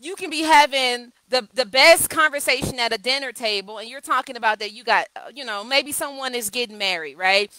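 A woman coach speaks live to her viewers in a high, bright, sharp-edged voice. She tells candid stories and repeats her key phrases for emphasis. The sound is dry and close, with no room echo. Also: fairly quick, few pauses. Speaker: communication coach. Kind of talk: live video talk.

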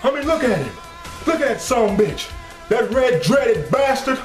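A man doing a shouting wrestling promo guy. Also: extremely high pitch, big pitch swings, reverberant, soft background music, heavily acted. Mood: blustering. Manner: shouting, drawn-out menacing delivery. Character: hot-headed wrestling promo man, blustering and threatening.

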